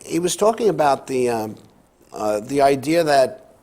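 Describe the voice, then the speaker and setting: A man co-hosting a sports talk show, telling stories in a casual, chatty way. His pitch swings up and down as he goes. He reads quotes aloud and fills his pauses with "uh". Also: very animated, a little mellow.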